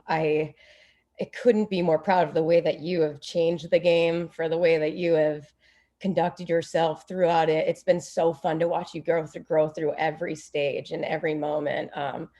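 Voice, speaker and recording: A woman's voice: low-pitched, a little mellow. A woman in her thirties on a video call, giving an unprepared, heartfelt tribute to a friend, rambling and close to tears. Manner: rambling, gushing, many fillers. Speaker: former teammate giving a tribute.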